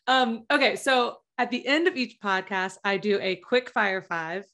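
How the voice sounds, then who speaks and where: A woman's voice: medium pitch, measured pace, a bit bright. Giggly Southern woman podcast host. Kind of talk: casual interview chat.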